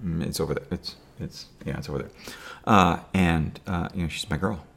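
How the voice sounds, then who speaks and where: A man's voice: low-pitched, normal speed, creaky, fairly bright tone, breathy edge. A man talking to camera in a rambling personal monologue, with dry sarcastic humor and many fillers and restarts. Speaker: video diarist.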